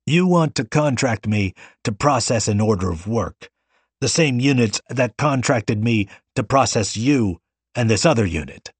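A man voicing a formal, measured male hitman in an audiobook reading. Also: mid-range voice, expressive, slightly rough, dry recording, voice pushed up. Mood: calm. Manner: measured, businesslike. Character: cool, formal male hitman of few words.

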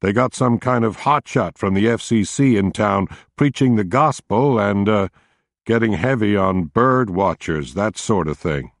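A man's voice: fairly low pitch, unhurried, no room sound, clean studio sound. A man doing a folksy upstate New York state trooper. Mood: friendly, uneasy. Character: friendly middle-aged male state trooper.

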